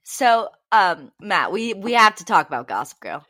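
A young woman co-hosting a podcast, chatting casually and enthusiastically with quick asides. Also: mid-range voice, sing-song, pushed and bright. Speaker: podcast co-host. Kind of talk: casual chat.

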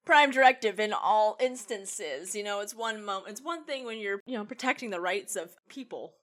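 A woman's voice: medium pitch, lively intonation, normal speed, a bit bright. A woman co-hosting a podcast in casual chat, blunt and opinionated, rambling through her points. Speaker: podcast co-host. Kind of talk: casual chat reviewing a TV episode.

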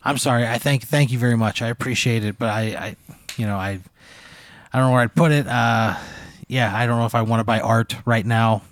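A man's voice: medium pitch, fairly even intonation, brisk, no echo. A man on a podcast answering a hypothetical, emphatic and profane with stammering restarts. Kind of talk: casual chat.

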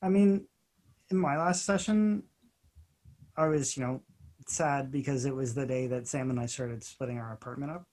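A woman co-hosting a casual podcast, dry and sympathetic, soft-spoken. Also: very deep voice, normal speed. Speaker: podcast co-host. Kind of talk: casual chat.

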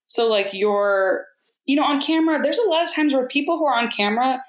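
Woman, voice actor, candid, animated storyteller, roomy echo. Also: high voice, brisk. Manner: candid, animated storyteller who mimics others. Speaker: voice actor guest. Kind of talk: casual interview chat.

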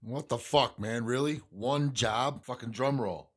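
A man's voice: medium pitch, unhurried, slightly rough, soft background music. A man hosting his own podcast, ranting in a casual, profane, rambling way from a small home studio. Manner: profane, rambling, riled-up venting. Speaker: podcast host. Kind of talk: casual solo podcast rant. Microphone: studio microphone.

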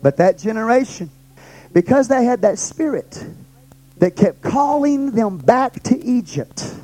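High-voiced emphatic male pastor. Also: lively intonation, a little slow, dark tone, no room sound, rough recording. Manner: emphatic, repetitive, asks the listeners rhetorical questions. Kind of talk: Bible study teaching.

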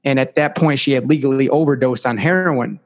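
A man's voice: medium pitch, brisk, in a large hall. A young adult man, a podcast guest, telling a personal life story earnestly and often saying "like" and "you know".

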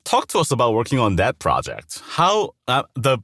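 A man's voice: mid-range voice, moderate pace, dry recording, clean studio sound. A man hosting an interview, asking questions in a playful, upbeat way. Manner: very lively intonation, playful, laughs along. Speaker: interview host.

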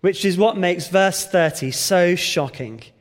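A man preaches an expository sermon, his voice pitched high for a man. He leans on emphatic rhetorical questions and works through the passage line by line. The sound rings with the long reverb of a large hall. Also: a little slow.

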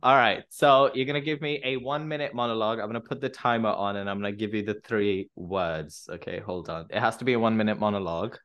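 A man's voice: fairly low pitch, fairly even intonation, quick pace, few pauses, fairly bright tone, muffled recording. A man hosting a podcast who teasingly gives game instructions and laughs often. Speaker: podcast host. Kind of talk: playful casual interview.

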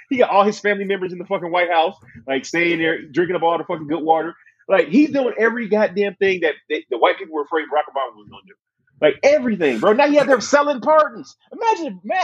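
High-voiced man in a profane emphatic rant. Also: breathy edge, highs cut off. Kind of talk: casual chat.

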